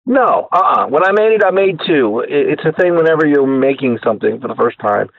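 Animated male guest over a tinny phone line. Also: a little high, fairly quick, creaky, dry recording. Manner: animated storyteller who acts out quoted voices. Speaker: guest inventor. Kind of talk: casual storytelling interview.

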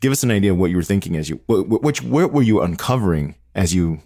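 Man, podcast host, very low voice, rapid rambling questions, dry close sound. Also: lively intonation, mellow, no room sound. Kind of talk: interview questions.

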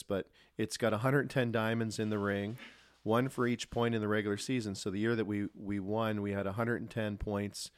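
A former pro hockey player, a man, telling relaxed, rambling stories as a podcast guest. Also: lowish voice, clean tone, no echo, studio quality. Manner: relaxed, anecdotal, lots of restarts. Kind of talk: casual storytelling.

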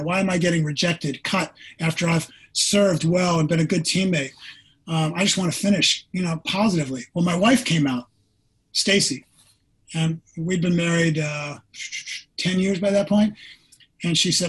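A man's voice: a little high, fairly even intonation, moderate pace, a bit bright, slightly rough. A middle-aged man, a former pro football player, telling an earnest personal story in an interview.

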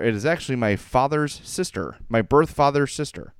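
A man's voice: mid-range voice, lively intonation, moderate pace, few pauses, clear, resonant tone, no echo, studio quality. A man co-hosting a sports podcast, chatting casually and rambling through stories with easy laughs. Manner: chatty, rambling storyteller who laughs easily. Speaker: podcast co-host.

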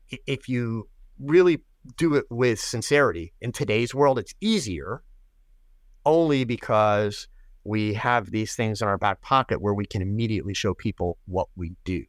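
An American man in his sixties talks as a podcast guest, low-voiced and unhurried. He tells stories in a reflective, easygoing way, with a dry, close sound. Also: dry recording. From United States. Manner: reflective, anecdotal, easygoing with fillers. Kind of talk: casual conversation.

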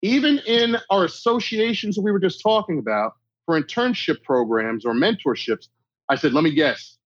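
A middle-aged man speaks bluntly in a tough-love manner, his husky voice swinging widely in pitch. The recording is dry and somewhat dull, like lo-fi audio. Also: expressive, moderate pace, dry recording. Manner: blunt, emphatic tough-love delivery, acts out quoted exchanges. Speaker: guest speaker. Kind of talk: conversational interview talk.

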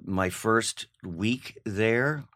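An older man telling an animated anecdote in a casual chat, laughing as he goes. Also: lowish voice, drawn-out words, music in the background. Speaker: guest.

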